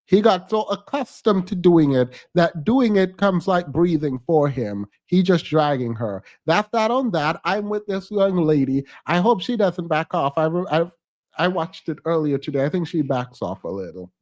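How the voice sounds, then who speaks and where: A man's voice: a little high, animated, normal speed, a little mellow. A man giving blunt, emphatic reaction commentary on a podcast clip as a streamer.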